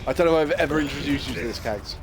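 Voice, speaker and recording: A man streaming a video game, chatting casually and teasing his co-player with animated stories. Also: mid-range voice, rapid-fire, background noise. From United Kingdom. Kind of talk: casual chat while gaming.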